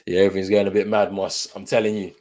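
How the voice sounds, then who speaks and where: A man with a low voice hosts a live football watchalong stream, talking fast in a relaxed, chatty manner. He calls the play and reads out viewers' comments as he goes.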